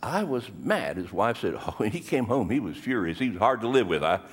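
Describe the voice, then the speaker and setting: An older male pastor preaching a sermon, telling stories dramatically and swinging between hushed and raised delivery. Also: lowish voice, sing-song, a little fast, husky. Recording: long hall reverb.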